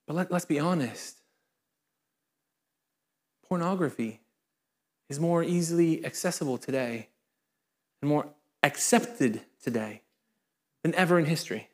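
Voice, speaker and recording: A male pastor preaching a sermon to a congregation in church, lively and full of joking asides. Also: a little high, measured pace, pauses often.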